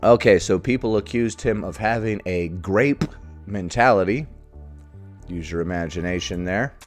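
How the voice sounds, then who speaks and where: A man's voice: deep voice, normal speed, faint music behind. A man hosting a reaction video, giving casual, sarcastic, mocking commentary on a clip.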